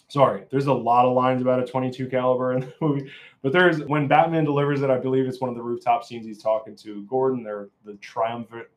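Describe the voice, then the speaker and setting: A man giving a casual, opinionated film review, rambling and often restarting his sentences. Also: mid-range voice.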